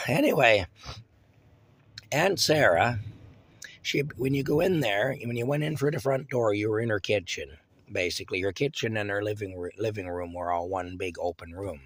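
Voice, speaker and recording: A man's voice: fairly low pitch, lively intonation, normal speed, sharp tone. A man casually reminiscing about his childhood hometown, rambling with fillers, restarts and chuckles. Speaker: storyteller.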